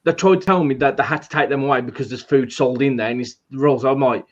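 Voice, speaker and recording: A man's voice: medium pitch, fast. A man on a casual podcast panel, telling a story plainly with a wry, complaining edge. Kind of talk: casual banter. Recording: dull lo-fi mic.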